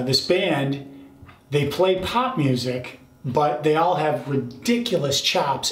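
A man's voice: medium pitch, roomy sound. A man teaching drums, explaining a fill and counting the rhythms aloud, checking in with the listener as he goes. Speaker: drum teacher. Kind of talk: instructional explanation.

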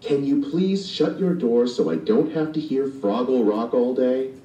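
A man's voice: medium pitch, expressive, unhurried, mellow, lo-fi sound, pitched above the performer's own voice, natural voice. A man voicing a bossy schoolgirl older sister in a recorded storybook reading. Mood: teasing. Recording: distant and echoey playback.

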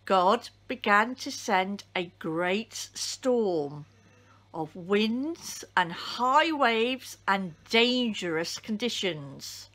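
A woman reading a children's Bible story aloud as a church storyteller, deliberate and expressive. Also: medium pitch.

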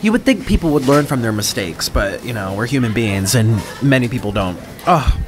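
A man's voice: mid-range voice, animated, moderate pace, noisy background. A man telling a rambling, dramatic story while he eats on camera, talking casually into his microphone. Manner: rambling, chatty, dramatic, self-interrupting. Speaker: mukbang vlogger. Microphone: own microphone.

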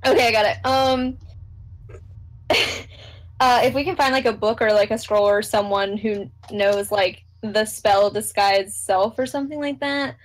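A woman at a tabletop game table talks slowly and rambles through her plans, laughing often and swearing freely. Her voice sits a little high. Faint music plays underneath. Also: low-quality recording. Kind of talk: casual chat.

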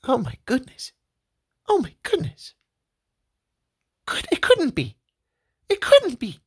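A woman voicing a group of gossiping 1980s housewives in a high, giggly, prim voice. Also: big pitch swings, measured pace, heavily acted. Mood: astonished.

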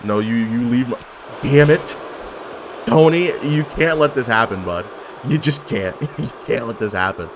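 A man giving casual, excitable commentary while playing a video game, trash-talking and laughing often. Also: medium pitch, measured pace, noisy background. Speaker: gaming commentator.

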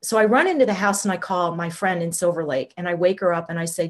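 Animated woman telling a personal story. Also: on the low side, fast. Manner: animated, conversational, uses "like" a lot. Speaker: guest, shamanic healer.

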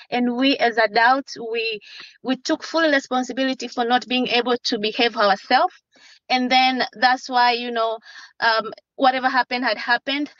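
A woman testifying as a mother before a judge over a video call from a car, pleading and halting, with many restarts. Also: high-pitched, bright, forceful tone, dry recording. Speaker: witness and mother in a court hearing. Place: inside a parked car. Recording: lo-fi dry call audio.

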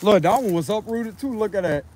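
A man's voice: high-pitched, lively intonation, fairly quick, dark tone, breathy edge. A man who reads tarot, walking a wooded trail outdoors and chatting to his viewers in a laid-back, slangy, profane way, often laughing. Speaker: tarot reader. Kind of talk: casual walking vlog.

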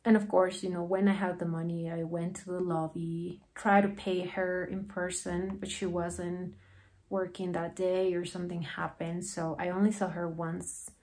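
Heartfelt rambling woman, lower voice. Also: little pitch movement, normal speed, a little mellow. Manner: heartfelt, rambling, many fillers like "you know" and "like". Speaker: guest telling her story. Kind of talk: emotional personal storytelling.

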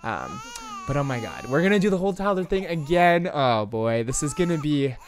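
A man hosting a let's play, giving chatty, expressive gameplay commentary straight to his viewers. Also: on the high side, a little fast.

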